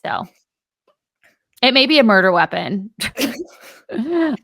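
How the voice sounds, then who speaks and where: A woman co-hosting a podcast, telling a story in a lively, casual way and acting out both sides of an argument. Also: fairly high pitch, slow, gravelly, dry recording. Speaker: podcast co-host.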